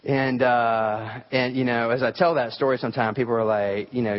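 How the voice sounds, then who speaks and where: A man's voice: mid-range voice, steady tone, moderate pace, hardly any pauses, muffled recording. A man preaching a sermon, telling folksy stories with humor and lots of fillers. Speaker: pastor.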